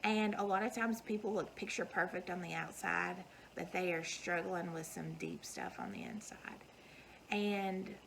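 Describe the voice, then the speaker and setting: A woman's voice: fairly low pitch, vocal fry, fairly bright tone, slight background noise, low-quality recording. A woman, giving an earnest, folksy motivational talk to her viewers. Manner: earnest, folksy, emphatic repetition. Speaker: vlogger.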